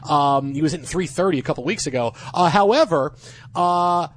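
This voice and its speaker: An excitable man hosting sports talk radio with a high, lively voice. He jokes with his co-host and bursts into loud cheers. His talk is quick and full of casual fillers.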